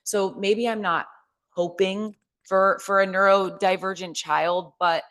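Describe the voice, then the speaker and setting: A woman's voice: medium pitch, fairly even intonation, slow pace, a bit bright. A young woman hosting a podcast, talking openly and with feeling, full of fillers and restarts. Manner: open, emotional, chatty with many fillers and restarts. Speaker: podcast host. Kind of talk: candid casual chat.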